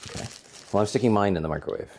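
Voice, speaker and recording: A man with a fairly low voice chats casually from home while co-hosting a game stream. He rambles through long stories, doubling back on himself and chuckling as he goes. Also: very fast, noisy background. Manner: rambling storyteller, chuckles often. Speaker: co-host of a gaming channel.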